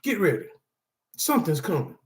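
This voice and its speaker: Man, middle-aged, emphatic testimony-style teacher, higher voice, roomy echo. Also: huge pitch swings, moderate pace. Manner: emphatic, repetitive, addresses audience as y'all. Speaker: anger management teacher. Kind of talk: personal testimony lesson.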